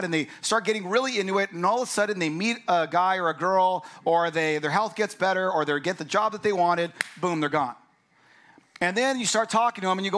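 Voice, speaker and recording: A man's voice: high-pitched, fairly quick, fairly bright tone. A male pastor giving a conversational sermon, acting out the voices of the people he quotes.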